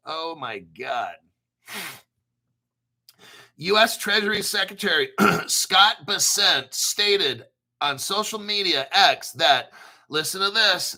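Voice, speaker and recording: A man's voice: high voice, bright, forceful tone. An American man hosting a crypto livestream, reading the chat and articles in a hyped, brash, rambling way with some swearing. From United States. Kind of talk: excited livestream commentary.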